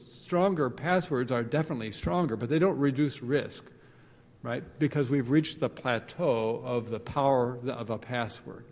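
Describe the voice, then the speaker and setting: A man giving a conference presentation, animated, with joking asides and phrases repeated for emphasis. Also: mid-range voice. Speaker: conference speaker. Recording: long reverb of a large hall.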